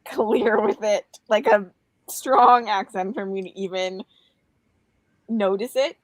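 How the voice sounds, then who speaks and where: A woman's voice: mid-range voice, slow pace, no room sound, rough recording. A woman from Canada chatting casually with friends on a video call, blunt and offhand. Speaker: booktuber. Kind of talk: casual group chat on a call.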